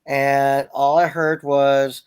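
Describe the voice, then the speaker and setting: A man's voice: mid-range voice, little pitch movement, slow pace, smooth. A man guesting on a casual live stream, joking and laughing often. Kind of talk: casual chat.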